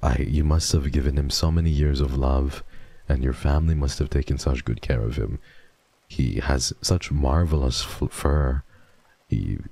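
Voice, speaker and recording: Deep gravelly male streamer, mock-emo. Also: no echo. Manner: mock-emo, swears casually, swings from mumbling to excited squeals. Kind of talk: casual live-stream chat.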